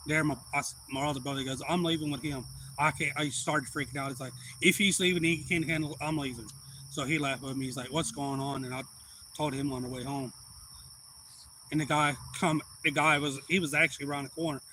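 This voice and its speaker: Man hosting a live stream, rambling yarn, a bit high-pitched. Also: steady tone, a little fast, a little hiss or hum, poor audio. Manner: rambling, acts out quoted voices loudly. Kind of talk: casual storytelling.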